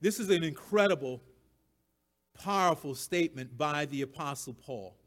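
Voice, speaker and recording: A man delivering a sermon in a fairly high voice. He talks with emphasis, repeats his key phrases, and chuckles at his own points. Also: animated, moderate pace, fairly bright tone. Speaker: preacher.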